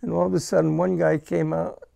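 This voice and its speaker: Older man, veteran interviewee; high for a man, heavy gravel, emotional and halting. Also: little pitch movement, mellow. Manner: halting, repeats words, emotional. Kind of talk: first-person war recollection.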